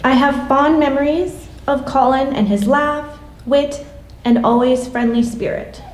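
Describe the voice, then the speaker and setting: A woman in her late thirties reading a prepared memorial tribute in a measured, gentle way. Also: high voice, steady tone. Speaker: classmate giving a memorial tribute. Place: church hall. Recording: echoey hall from a distance.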